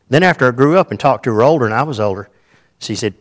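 An older man preaching a sermon, folksy and joking, with quick asides to the congregation. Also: mid-range voice, expressive.

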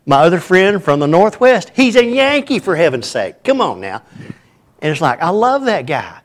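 A man, preaching an informal, folksy sermon in a church with a lively, self-described hyper delivery. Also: high-pitched, moderate pace. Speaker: pastor.

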